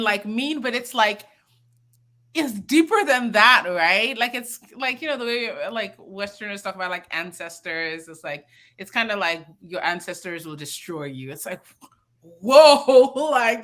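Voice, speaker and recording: A woman chats casually as a podcast host. Her voice is bright and clear, and she tells stories in an animated way, packed with fillers and quick laughs. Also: mid-range voice. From Nigeria. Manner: animated storytelling, laughs often, many fillers. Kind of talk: casual chat.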